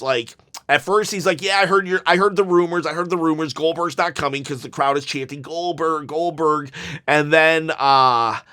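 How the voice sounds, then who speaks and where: A man's voice: medium pitch, bright, forceful tone. A man reviewing a wrestling show in casual commentary, rambling and exasperated, with restarts and sighs.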